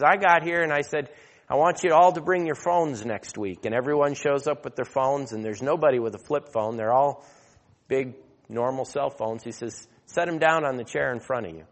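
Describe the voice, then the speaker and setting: A man preaching a sermon, telling a story and then growing loud and emphatic as he exhorts. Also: medium pitch, normal speed. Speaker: pastor. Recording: long hall reverb.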